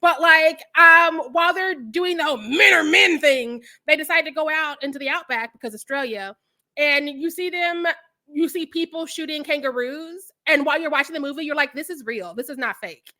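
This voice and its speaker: Bright, high-voiced woman telling a story. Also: normal speed. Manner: animated storytelling, acts out quotes, laughs often. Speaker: podcast guest. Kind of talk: casual chat.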